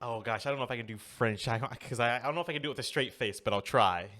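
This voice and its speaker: A man's voice: medium pitch, a bit bright. A man, co-hosting a casual podcast chat and often laughing. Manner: laughs a lot, reads aloud haltingly. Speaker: podcast co-host.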